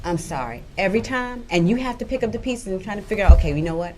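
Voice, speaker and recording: A woman speaking as a guest on a talk panel, blunt and animated. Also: mid-range voice, rapid-fire, music in the background.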